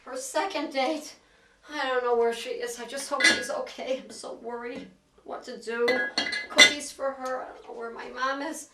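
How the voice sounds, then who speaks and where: A woman's voice: sits high, steady tone, lightly acted. An actress playing an anxious adult daughter who frets and pleads with her mother in a comedy sketch. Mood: fretting. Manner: fretting, pleading, rapid worrying. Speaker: comic character. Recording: echoey room, mic far off, faint noise.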